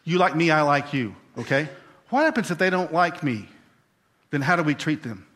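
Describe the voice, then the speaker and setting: A man's voice: a little high, very animated, moderate pace, fairly bright tone. A man preaching a sermon, talking to the congregation and acting out the characters. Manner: conversational, acts out voices, asks the congregation. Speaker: pastor.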